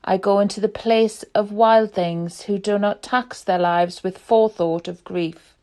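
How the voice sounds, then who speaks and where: A woman reading a poem aloud in a calm, measured, reflective way. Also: mid-range voice. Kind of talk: slow poetry reading.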